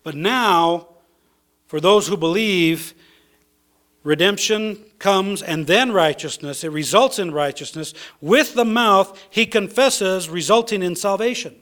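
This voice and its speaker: A man's voice: sits high, measured pace, a bit bright. A man as pastor preaching a sermon in a church, reading scripture and repeating key phrases for emphasis. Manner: reads scripture aloud with fillers between.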